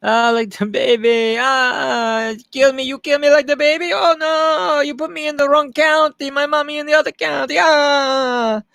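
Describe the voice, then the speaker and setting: A man's voice: little pitch movement, moderate pace, creaky, hardly any pauses, sharp tone, dry recording, studio quality, heavily acted. A man putting on a shrieking panicked victim. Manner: shrill, wailing, melodramatic. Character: shrieking panicked man begging not to be killed.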